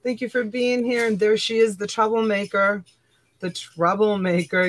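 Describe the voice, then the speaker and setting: At normal speed, with a mid-range voice and fairly even intonation, a woman in her fifties hosts a casual live-stream auction. Greeting viewers by name, she laughs frequently and calls people sweetheart and honey.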